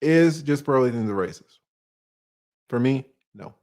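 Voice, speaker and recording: His voice is medium in pitch, expressive, a little slow and a little mellow. He's an online commentator in his forties from Atlanta with a Southern accent, giving his audience a casual, slang-filled monologue laced with rhetorical questions.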